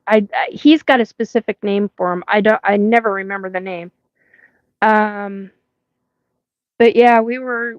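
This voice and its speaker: A woman's voice: medium pitch, dry recording, dull audio. A woman hosting a live paranormal stream, telling a rambling story with swearing and frequent laughs. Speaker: host of a live paranormal show.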